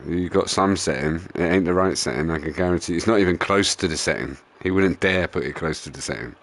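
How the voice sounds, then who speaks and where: A man's voice: deep voice, a little fast, fairly bright tone. A young man swearing, laughing and ranting in casual live-stream commentary while racing. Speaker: gaming streamer.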